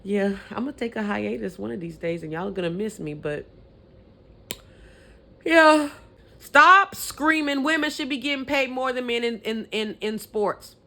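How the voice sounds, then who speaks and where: A woman's voice: a little high, animated, moderate pace, vocal fry, hardly any pauses, pushed and bright. A young adult woman vlogging, giving sassy, opinionated sports commentary with petty trash talk.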